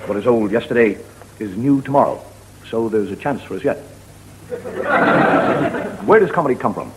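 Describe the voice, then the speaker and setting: A man's voice: mid-range voice, moderate pace, very noisy. A man with an Irish accent, a stand-up comedian telling jokes in a wry, dry storytelling manner. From Ireland. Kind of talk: seated storytelling monologue.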